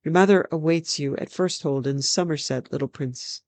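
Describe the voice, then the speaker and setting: A storyteller voicing a stern, haughty dark elf warrior in a read-aloud fantasy tale, measured and commanding. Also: mid-range voice, dry recording, close to an everyday voice.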